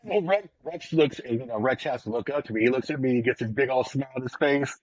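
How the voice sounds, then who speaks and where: A man on a podcast, casually telling an excited story with plenty of swearing and quoted lines of his own. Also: mid-range voice, quick pace, slightly rough, no echo, dull audio. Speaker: podcast co-host.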